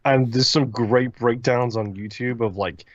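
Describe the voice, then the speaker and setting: A man's voice: medium pitch, fairly even intonation, unhurried, no echo, highs cut off. A man from Liverpool, co-hosting a podcast in a blunt, rambling, profane way. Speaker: podcast co-host. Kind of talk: casual chat.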